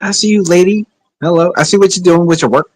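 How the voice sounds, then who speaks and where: A man's voice: high-pitched, fast talker, a little mellow, no echo, poor audio. A middle-aged man streaming, chatting in a laid-back, rambling way with sighs and joking asides. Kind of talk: rambling casual livestream chat.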